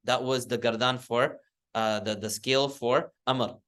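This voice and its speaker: A man's voice: mid-range voice, fairly even intonation, a little slow, a bit bright. Man teaching a class, correcting himself. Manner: explains step by step, corrects himself often, chants word forms for the class to repeat. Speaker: Arabic grammar teacher. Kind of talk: classroom lesson.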